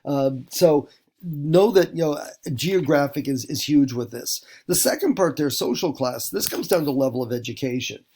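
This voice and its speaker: A man's voice: on the high side, lively intonation, moderate pace, darkish tone. A man from the United States, teaching a recorded lesson in a rambling way with many fillers and restarts. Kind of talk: recorded classroom lecture.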